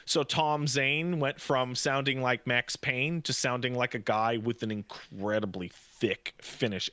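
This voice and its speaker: A man's voice: medium pitch, bright, forceful tone, dry recording. A man co-hosting a podcast in casual banter, ranting in an exasperated tone and swearing often. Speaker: podcast co-host.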